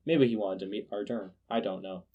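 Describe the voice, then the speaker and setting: A man hosting a casual news podcast, sarcastic and quick to laugh, often restarting his words. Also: lowish voice, warm tone, lo-fi sound. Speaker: podcast host.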